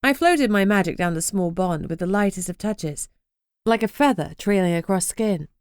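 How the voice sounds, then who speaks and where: A woman's voice: medium pitch, expressive, normal speed, smooth, no echo, clean studio sound. A woman narrating a first-person urban fantasy audiobook in a wry, sardonic way.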